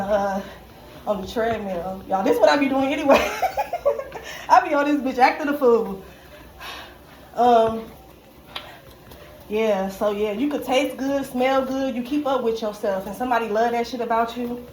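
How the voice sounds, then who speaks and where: Woman doing a tarot reading, kinda high voice, slangy n cussing, roomy echo. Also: a little mellow. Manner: slangy, profane, frequent "okay?" and laughter. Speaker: tarot reader. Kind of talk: casual spiritual reading. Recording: echoey room with faint background noise.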